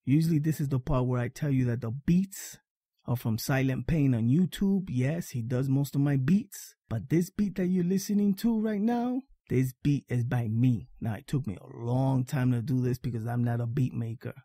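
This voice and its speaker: A man's voice: mid-range voice, normal speed, mellow, no echo, clean studio sound. A man hosting a casual sports fan podcast, talking emphatically, repeating his points and checking in with "all right?". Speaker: podcast host.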